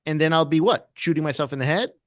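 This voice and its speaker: A man who trades options, chatting casually and telling animated stories. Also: on the high side, fast talker, no room sound, clean studio sound. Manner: animated storyteller, laughs often, acts out quotes. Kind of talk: casual trading chat.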